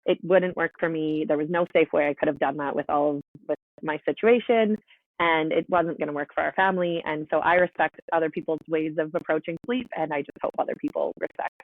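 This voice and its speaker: A woman's voice: low voice, steady tone, brisk, dry recording. A woman in her thirties talks frankly and emphatically, leaning on repeated words for stress. Her voice comes through a narrow, phone-like remote line. The sound is dry, with no room around it. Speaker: podcast guest, mother of quadruplets. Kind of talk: casual storytelling interview.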